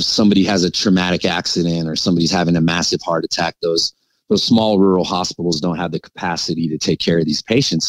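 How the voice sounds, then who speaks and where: A middle-aged man casually recounting a story as a podcast guest, animated and full of fillers, with frequent little laughs. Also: low-pitched, no echo, low-quality recording.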